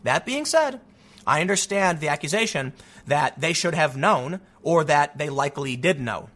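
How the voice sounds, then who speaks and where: A man's voice: on the high side, expressive, normal speed, a bit bright. A man hosting his own show, giving casual, opinionated commentary, thinking aloud with frequent restarts and weighing both sides.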